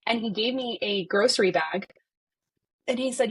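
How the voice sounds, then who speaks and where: A woman's voice: a little high, normal speed, fairly bright tone, husky. A woman in her thirties, a podcast guest, retelling a personal story with many "like" fillers and acted-out dialogue.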